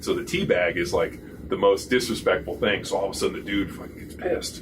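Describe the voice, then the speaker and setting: A man, a former pro football lineman and podcast host, telling profane, animated stories in casual chat. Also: low voice, brisk. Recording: distant mic with noisy room.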